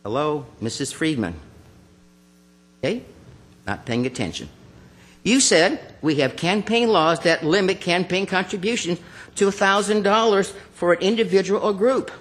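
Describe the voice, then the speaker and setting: Male public commenter, fairly high voice, accusatory and combative, speaking at a council chamber podium mic. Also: expressive, moderate pace, a bit bright. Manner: accusatory, confrontational; addresses officials by name.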